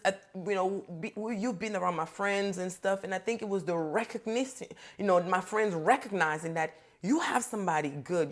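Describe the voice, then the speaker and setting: A young woman from Africa co-hosting a podcast, speaking earnestly and reflectively about her relationship. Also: fairly low pitch. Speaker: podcast co-host. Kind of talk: casual chat.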